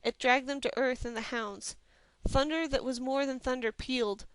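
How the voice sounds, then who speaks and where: A woman reading a fantasy novel aloud as a steady, even storyteller from a home recording. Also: sits high, moderate pace, clean tone, no room sound. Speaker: audiobook reader. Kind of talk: scripted fantasy novel narration.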